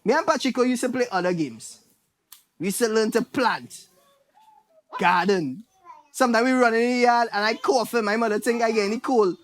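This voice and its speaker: A man's voice: very high voice, moderate pace. Trinidadian man doing stand-up. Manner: animated storytelling with impressions of relatives. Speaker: stand-up comedian. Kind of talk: stand-up comedy set.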